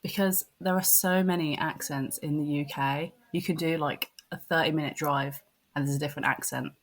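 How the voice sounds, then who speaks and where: A woman's voice: deep voice, fairly even intonation, normal speed. A woman in her twenties with an English accent, a friendly podcast guest who laughs easily. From England. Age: 20s. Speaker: guest wrestling fan. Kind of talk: casual interview.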